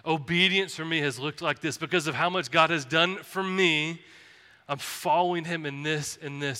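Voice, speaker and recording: A man preaching a sermon as pastor, earnest and pleading, often dropping to a soft, gentle tone. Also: a little high, normal speed, smooth. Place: church sanctuary. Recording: reverberant church hall.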